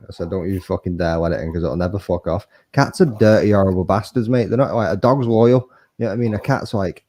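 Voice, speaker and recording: A man's voice: low voice, a little mellow, slight background noise. A man telling stories in casual, sweary chat. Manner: sweary, storytelling.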